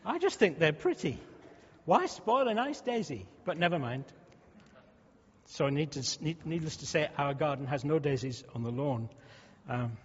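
A man's voice: on the high side, very animated, measured pace, long pauses, slight background noise. A male pastor preaching a sermon in a conversational way, often restarting and repeating words. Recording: muffled sound with long hall reverb.

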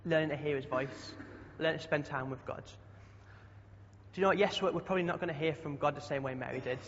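A man's voice: fairly high pitch, fairly quick, a bit bright, slight background noise. A young man preaching a chatty sermon, often asking the congregation questions. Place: church hall. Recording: dull sound with long hall echo.

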